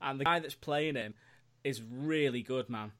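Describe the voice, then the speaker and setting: A man co-hosting a podcast in easygoing casual chat. He laughs often and drops casual swear words. His voice sits at an ordinary mid pitch. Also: moderate pace, a bit bright. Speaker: podcast co-host.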